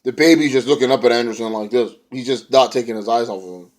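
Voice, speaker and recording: Fast and medium-pitched, a young man rambles through a laid-back recap of a wrestling show. He leans on slang and now and then mimics the wrestlers.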